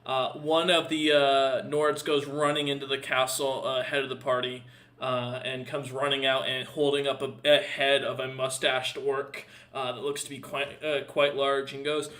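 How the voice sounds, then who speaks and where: A man's voice: mid-range voice, little pitch movement, normal speed, bright, forceful tone. A man narrating a tabletop game as game master, rambling with many fillers. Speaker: dungeon master.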